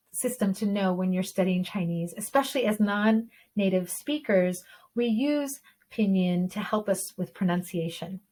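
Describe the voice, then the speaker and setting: A woman's voice: mid-range voice, poor audio. A woman gives an online Chinese lesson for beginners. She explains patiently and sounds out each syllable so learners can copy her. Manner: patient, explanatory, models tones aloud. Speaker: Chinese teacher.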